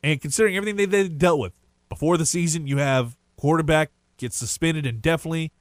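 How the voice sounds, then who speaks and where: A man hosting a sports radio show, rambling through his opinions in a casual, animated way. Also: a little high, fast, dry recording. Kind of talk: sports talk radio monologue. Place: radio studio.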